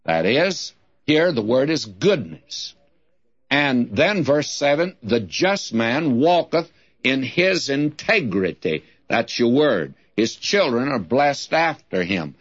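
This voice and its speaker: Slow older male Bible teacher. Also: medium pitch, sing-song. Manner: slow, deliberate, reads scripture then explains it. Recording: dull lo-fi sermon recording.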